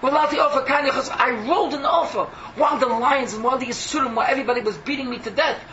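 A man's voice: extremely high pitch, very fast, reverberant, recorded from a distance, lo-fi sound, background noise, voice pushed up. A man voicing a suffering, righteous older man who pleads that his punishment is unfair. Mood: protesting. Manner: anguished pleading complaints.

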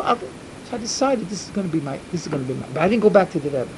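A man telling a religious folk tale in the first person, slow and dramatic at times. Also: high voice, lively intonation, background noise. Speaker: storyteller.

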